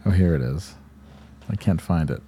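Man, low voice, mellow tone, deadpan podcast co-host, crude jokes, faint background hum. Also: moderate pace. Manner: deadpan, crude jokes, trails off mid-sentence. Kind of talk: casual comedic banter.

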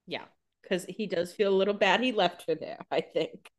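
A woman co-hosting a podcast, chatty and reactive, adding quick comments while recapping a TV episode. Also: mid-range voice. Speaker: podcast co-host. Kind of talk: casual recap chat.

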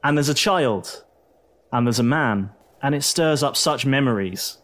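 A man's voice: medium pitch, animated, unhurried, fairly bright tone. A man running a tabletop role-playing game as game master, narrating scenes in a dramatic, descriptive way and repeating words for effect.

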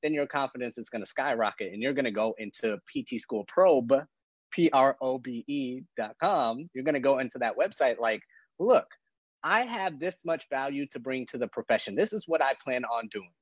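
A man's voice: medium pitch, animated, moderate pace, no room sound. Earnest man on a podcast. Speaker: podcast co-host, physical therapist. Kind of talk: casual podcast talk. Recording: dry, muffled lo-fi sound.

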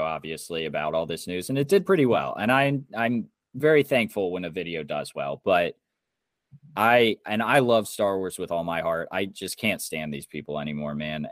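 A man's voice: sits low, dry recording, studio quality. A young man from Indiana co-hosting a podcast, ranting angrily and swearing. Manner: heated, swearing rant. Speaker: podcast co-host. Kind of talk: casual podcast chat.

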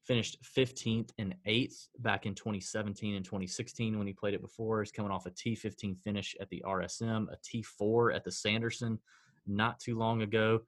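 Man, lowish voice, podcast co-host, stat-heavy, sighing, casual. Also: level tone, fairly quick. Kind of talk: casual sports betting chat.

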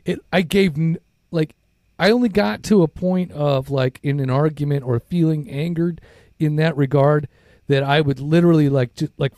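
A middle-aged man with a slightly higher voice talks in a loose, rambling way, full of fillers and blunt profanity. He sounds close to a dry podcast mic with no room around him. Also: steady tone, normal speed, a little mellow, dry recording. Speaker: podcast co-host. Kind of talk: casual recovery podcast talk.

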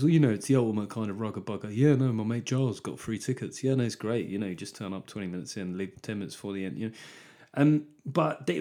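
A man's voice: on the low side, mellow. A man hosting a podcast as a comedian, rambling through a casual comic monologue, swearing heavily and cutting himself off mid-sentence.

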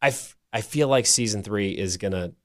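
A man co-hosting a show, chatting excitedly and casually, with frequent restarts. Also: on the low side, normal speed. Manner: excitable, animated, restarts often. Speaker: radio show co-host. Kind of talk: casual chat.

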